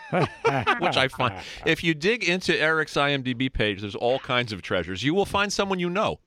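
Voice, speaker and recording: A man co-hosting a podcast interview, upbeat and quick to laugh. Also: a little high, huge pitch swings, sharp tone. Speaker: podcast co-host. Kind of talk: interview chat.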